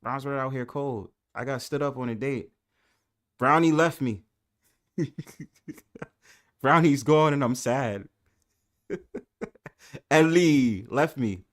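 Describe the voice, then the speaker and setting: A man's voice: mid-range voice, takes it slowly, long pauses. Laughing, profane New York man hosting. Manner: laughs often, profane, swings between loud and mumbled. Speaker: livestream panel host. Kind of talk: casual livestream chat.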